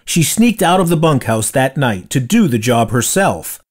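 A man reading a children's storybook aloud with expressive, dramatic storytelling. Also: mid-range voice, normal speed. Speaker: storybook reader. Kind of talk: read-aloud storybook narration.

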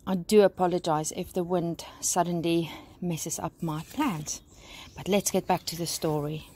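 A woman teacher reads a bedtime-style picture book aloud to young children. She takes it slowly and carefully, outdoors. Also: fairly low pitch, fairly even intonation, slightly rough. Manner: slow, warm storytelling to children. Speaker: primary school teacher. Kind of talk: bedtime story read-aloud.

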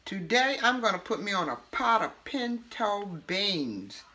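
A woman's voice: medium pitch, big pitch swings, bright, forceful tone. A woman from Alabama with a Southern accent, hosting a homey, chatty cooking demonstration. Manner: homey, chatty, drawn-out words. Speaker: cooking show host.

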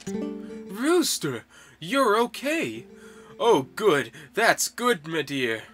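A man's voice: sits high, huge pitch swings, very slow, fairly bright tone, faint music behind, voice pushed up, exaggerated voice. A man doing a fussy, doting shopkeeper woman. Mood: fretful. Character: fretful, motherly village shopkeeper woman.

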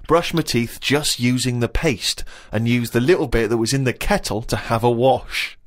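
A man's voice: mid-range voice, normal speed. A man hosting a radio chat show, reading out diary entries in a dry, mock-serious way and laughing often. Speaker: radio host.

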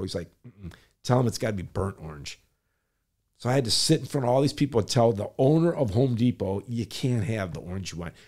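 A man's voice: lowish voice, a little mellow. An older man, a former city planner, telling a long story in an interview and acting out the people he quotes.

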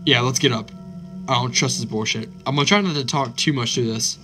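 A man hosting a let's play of a horror game, excitable and swearing constantly, yelping at scares. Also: medium pitch, brisk, over music. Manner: excitable, swears constantly, yelps when startled. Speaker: gaming channel host.

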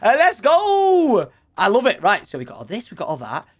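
A fast-talking young man with a husky voice runs a gaming channel and narrates his gameplay to viewers in lively Let's Play fashion. Excitable and chatty, he thinks aloud while his pitch swings up and down.

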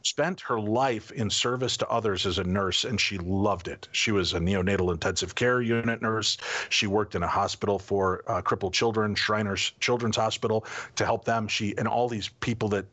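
A middle-aged man telling stories as a guest in a casual interview, animated and acting out the people in them. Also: fairly low pitch, moderate pace, hardly any pauses.

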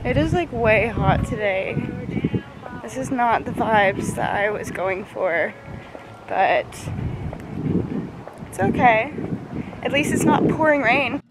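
A young woman vlogging in a casual, gushing, excitable way at an outdoor theme park. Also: a little high, takes it slowly, long pauses, poor audio. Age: young adult. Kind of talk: casual vlog.

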